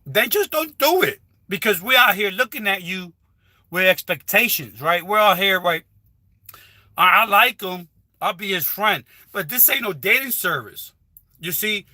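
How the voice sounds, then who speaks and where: Man, high and bright-toned, rambling casual livestream advice, dry close phone sound. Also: no room sound. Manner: rambling, repetitive, with frequent restarts. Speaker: livestreaming YouTuber. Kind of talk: casual live stream advice talk. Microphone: phone held while livestreaming.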